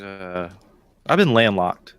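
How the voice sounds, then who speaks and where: A man's voice: low voice, very animated, slow, a bit bright, clean tone, dry recording. A man in his thirties, co-hosting a podcast in casual, profane, joking banter. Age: 30s. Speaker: podcast co-host.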